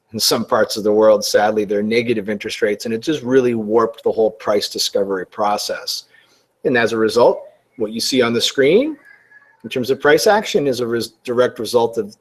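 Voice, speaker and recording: A middle-aged man giving a forex trading webinar, talking casually with sarcastic asides and frequent restarts. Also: fairly low pitch. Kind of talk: webinar market commentary.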